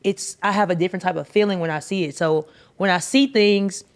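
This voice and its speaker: A woman co-hosting a casual studio chat show as a DJ, emphatic and sometimes loud and high when excited. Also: a little fast. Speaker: co-host and DJ.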